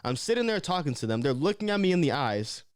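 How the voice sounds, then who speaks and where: Young male vlogger, quick slangy storytelling, smooth clear voice, dry close sound. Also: fairly high pitch, no room sound. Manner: slangy, animated, conversational. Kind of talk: casual storytelling.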